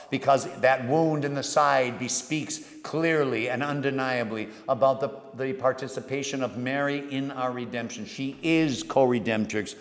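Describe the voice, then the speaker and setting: A man preaching a homily as a priest, telling the story dramatically and moving between hushed and emphatic delivery. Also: mid-range voice. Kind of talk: sermon. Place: church. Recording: long church reverb.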